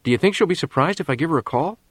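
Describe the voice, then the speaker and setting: A shy, nervous teenage boy, as a male reader voices him, speaking a little higher than the narration and with a hesitant edge. The sound is dry and close. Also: expressive, racing, fairly bright tone, slightly rough, no echo.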